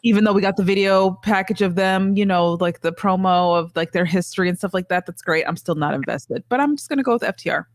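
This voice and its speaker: A woman co-hosting a wrestling podcast, speaking calmly and matter-of-factly. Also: mid-range voice, quick pace, hardly any pauses, no room sound. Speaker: podcast co-host. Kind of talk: casual wrestling chat.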